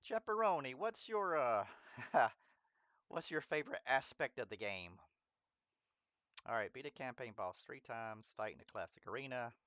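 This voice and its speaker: A man's voice: mid-range voice, normal speed, pauses often, a bit bright, clean tone, dry recording, dull audio. A man streaming a mobile game, chatting casually with viewers, rambling, stumbling over their names and laughing at himself. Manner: chatty, talks straight to viewers in chat. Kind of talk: casual live-stream gameplay chat.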